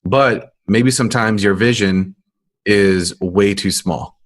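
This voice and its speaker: A man with a fairly low voice co-hosts a business podcast. He talks in a relaxed, conversational way, with easy banter. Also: takes it slowly. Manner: easygoing, teasing banter. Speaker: podcast co-host. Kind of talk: casual business podcast chat.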